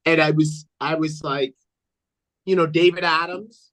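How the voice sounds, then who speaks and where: A man's voice: fairly high pitch, steady tone, unhurried, a bit bright, poor audio. A man who works as a ring announcer, a guest on a casual talk show, rambling through stories and repeating himself. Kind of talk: casual chat, storytelling.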